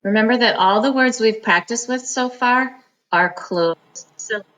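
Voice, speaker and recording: A woman teaching a reading lesson, sounding out words slowly, syllable by syllable, for students. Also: fairly high pitch, a bit bright, poor audio. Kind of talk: phonics lesson.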